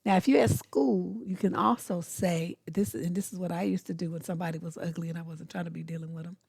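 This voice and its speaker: A middle-aged woman talks straight to the listener as a dating coach, blunt and sassy. Her voice has a gravelly edge at the bottom. The sound is dry, as if the mic sits close in a small, dead room. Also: fairly low pitch, fairly even intonation, darkish tone, dry recording. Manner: blunt, sassy, acts out quick dialogues. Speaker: relationship coach. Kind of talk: casual advice monologue.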